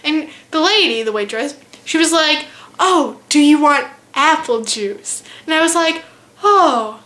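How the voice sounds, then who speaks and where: Bright-voiced teen girl telling a story. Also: sits high, unhurried. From United States. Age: teens. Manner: animated, jokey, self-mocking. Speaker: vlogger. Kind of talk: casual storytelling.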